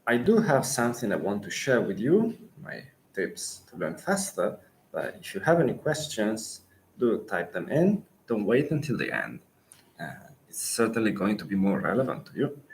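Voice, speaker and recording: A man with an Italian accent, a native Italian speaker coaching Italian in a live Q&A lesson, pausing thoughtfully and restarting phrases. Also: fairly low pitch, very animated, slight background noise, rough recording.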